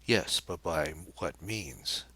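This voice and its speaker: A man reading the part of a poised young woman who speaks lightly, with a gentle mocking edge. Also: sits low, lively intonation, very slow, no room sound, exaggerated voice. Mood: cool, mocking.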